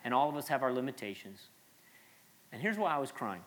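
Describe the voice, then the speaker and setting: A man's voice: medium pitch, sing-song, fairly quick, fairly bright tone. A man in his late thirties, a pastor preaching an earnest, conversational sermon with frequent restarts and asides.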